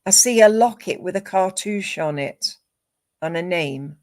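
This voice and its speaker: A woman giving a live psychic reading, calm and measured, listing names and images one at a time. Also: on the low side. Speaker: psychic medium.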